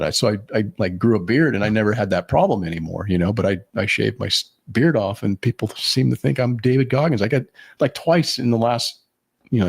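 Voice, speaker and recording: A man's voice: lowish voice, creaky, breathy edge. A man co-hosting a podcast, telling rambling stories with many fillers in casual chat. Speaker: podcast co-host.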